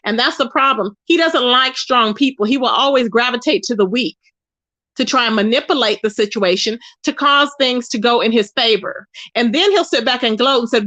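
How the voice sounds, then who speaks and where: A woman's voice: high voice, moderate pace, sharp tone. A woman hosting a livestream, ranting indignantly and repeating her points as she calls people out by name. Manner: indignant, repetitive, calling out by name. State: tired. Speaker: livestream host. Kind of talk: ranting live stream commentary.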